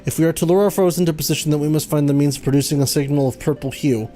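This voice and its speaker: A streamer voicing an earnest young male noble in a video game, in a formal, measured way. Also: medium pitch, warm tone, faint music behind, voice pushed down, close to an everyday voice.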